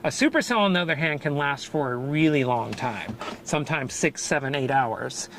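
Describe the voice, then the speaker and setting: A man live-streaming a storm chase, out of breath, explaining weather in an excited, rambling way with quick laughs. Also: mid-range voice, a little hiss or hum. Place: in and around a car outdoors during a storm.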